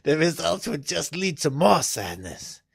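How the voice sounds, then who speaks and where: A man reading a visual novel aloud on stream, animated and often laughing. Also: on the high side, unhurried, gravelly, slightly rough, dry recording, studio quality.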